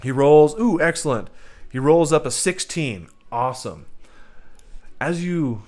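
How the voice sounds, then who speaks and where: A man's voice: fairly high pitch, lively intonation, unhurried, darkish tone. A man hosting a livestream who gives tabletop game-master advice, emphatic and rambling, talking straight to his viewers. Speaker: host teaching game masters.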